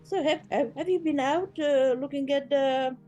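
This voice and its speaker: A woman's voice: high-pitched, normal speed, mellow, soft background music. A woman playing in a tabletop game, asking tentative questions in character. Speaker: player. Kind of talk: tabletop role-play chat.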